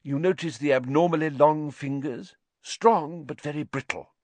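Man doing a gentle, thoughtful teacher. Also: on the high side, normal speed, no echo, pitched above the performer's own voice, close to an everyday voice. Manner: gentle, thoughtful, lightly amused. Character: calm, kindly male teacher.

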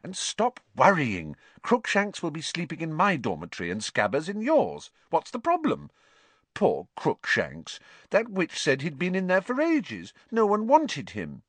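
An earnest, bright teenage witch girl, as a man puts her on for a storybook reading, with a raised and lively voice. The recording is close and dry. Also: fairly high pitch, unhurried, no echo, pitched above the performer's own voice, exaggerated voice. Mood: pitying.

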